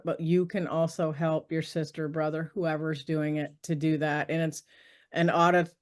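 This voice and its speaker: A middle-aged woman, a podcast guest on a video call, telling stories in a lively way, laughing often and acting out what people said. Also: lowish voice, clean tone. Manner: lively, laughs often, acts out quoted dialogue. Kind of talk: animated storytelling in conversation.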